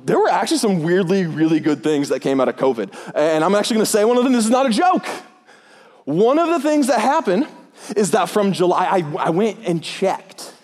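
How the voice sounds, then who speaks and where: Man, pastor, sermon, joking storyteller, high voice, long reverb of a church hall. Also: darkish tone. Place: church auditorium.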